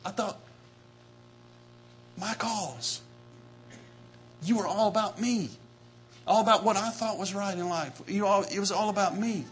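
A man preaching a sermon with passion, repeating his phrases and building to shouts. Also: sits high, a little slow, pauses often, a little hiss or hum.

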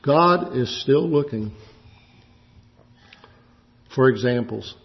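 A man's voice: medium pitch, expressive, slow pace, vocal fry. A man preaching a sermon, climbing to impassioned, emphatic peaks. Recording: dull lo-fi recording.

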